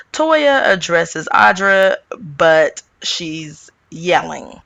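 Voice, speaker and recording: A woman host giving a casual, opinionated recap of a reality show, animated and ranting, with sudden jumps up in pitch. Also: no room sound.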